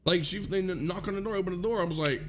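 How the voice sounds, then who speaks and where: A man hosting a casual talk show, telling a story in a profane, animated way. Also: sits high, very fast, a little hiss or hum.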